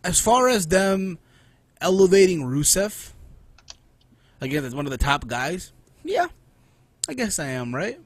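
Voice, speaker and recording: A man hosting a casual wrestling podcast, animated and profane, who keeps tossing in "right?" between points. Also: high-pitched, unhurried, pauses often, no echo. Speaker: podcast host.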